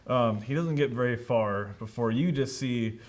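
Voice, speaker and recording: A man's voice: medium pitch, moderate pace. A man narrating as game master in a casual, rambling way with many fillers.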